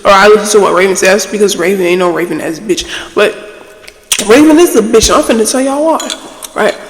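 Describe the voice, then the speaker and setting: A woman's voice: medium pitch, brisk, in a large hall, low-quality recording. A woman hosting a casual ASMR storytime chat, telling her story bluntly and animatedly with plenty of swearing. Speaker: ASMR channel host.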